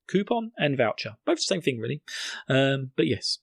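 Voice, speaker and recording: A man's voice: medium pitch, very animated, normal speed, vocal fry, slightly rough, no room sound. A young British man hosting a podcast, joking and rambling as he recaps an episode and acts out characters' lines in silly voices. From Britain. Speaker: podcast host. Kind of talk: solo recap podcast chat.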